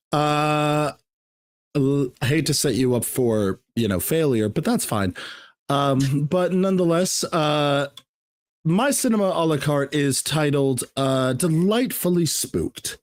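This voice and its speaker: A man's voice: fairly high pitch, sing-song, slow pace, dry recording, studio quality. An American man co-hosting a film podcast, talking in a loose, rambling way. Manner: rambling, full of fillers and restarts. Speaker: podcast co-host. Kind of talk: casual chat.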